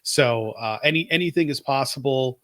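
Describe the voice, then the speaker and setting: A man talks through his picks in a casual podcast chat, eager and opinionated, thinking out loud as he goes. His voice sits in a middle range and comes across dry and close, with no room around it. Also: mid-range voice, normal speed, no echo. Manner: enthusiastic, opinionated, thinks aloud. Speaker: podcast co-host.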